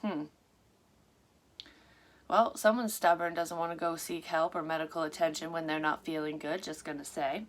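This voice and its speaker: A woman's voice: deep voice, fairly even intonation, moderate pace, pauses often. A woman who works as a psychic medium reads a story aloud and breaks off often for frank, rambling asides full of swearing. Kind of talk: reading a story aloud with casual commentary.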